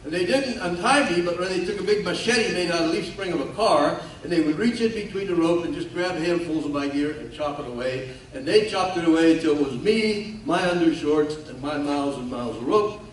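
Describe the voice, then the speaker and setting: A man's voice: on the high side, fairly quick, hardly any pauses. Older man telling a war story in an echoey hall. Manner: folksy, self-mocking humor with laughs. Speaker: guest speaker. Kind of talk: storytelling speech. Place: large hall at a ceremony. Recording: echoey hall from far off, faint noise.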